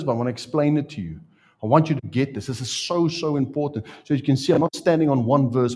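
A man's voice: medium pitch, darkish tone. A man preaching a sermon and asking his congregation questions. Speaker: pastor.

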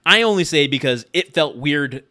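A man's voice: on the high side, animated, moderate pace, pushed and bright. A man co-hosting a podcast, casually recapping a sitcom episode with frequent uh and um fillers. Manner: recounts plot with frequent uh and um fillers. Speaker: podcast co-host.

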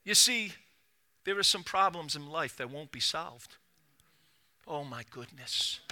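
A middle-aged man preaching a sermon as pastor, dropping to a hush and then rising to loud cries, with quick repeated restarts. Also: a little high, animated. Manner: swings from hushed to loud preaching.

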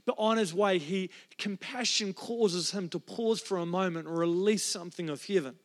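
A man preaching a sermon as a pastor, telling a personal story in an earnest, emotional way with frequent restarts. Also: high voice. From New Zealand. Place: church.

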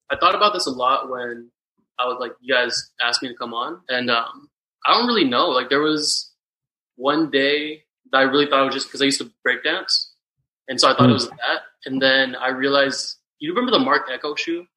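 A young man from Texas chats as a guest, his voice bright and forward. He wanders through his stories with loose fillers and easy asides. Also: mid-range voice, normal speed, low-quality recording. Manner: relaxed, rambling storytelling with many fillers. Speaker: podcast guest. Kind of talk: casual chat.

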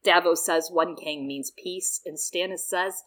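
A woman's voice: fairly low pitch, unhurried, poor audio. A woman chatting casually on a podcast, retelling a book chapter, swearing freely and acting out the characters' lines. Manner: lively, profane, acts out characters' lines.

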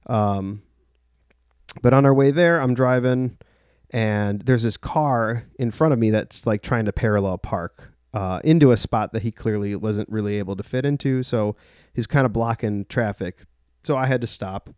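Fairly low-pitched, a little mellow and clean in tone, this young man's voice moves at a moderate pace as he recounts something from his own life. The story wanders, packed with swearing and endless "like"s, and the studio-quality recording is dry.

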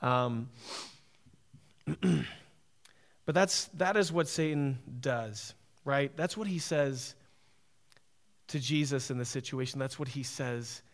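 A man's voice: mid-range voice, takes it slowly, long pauses. A man preaching a sermon, emphatic and repetitive, often asking "right?".

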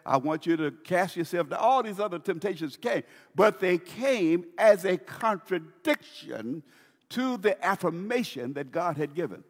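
A man's voice: sits high, expressive, measured pace, in a large hall. A man pastor preaching a sermon with emphasis, repeating key phrases and putting questions to his congregation.

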